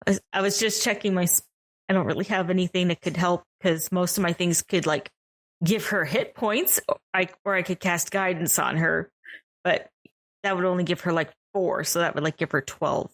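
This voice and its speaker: Low-voiced woman player thinking aloud. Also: fairly even intonation, moderate pace. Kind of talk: casual tabletop play.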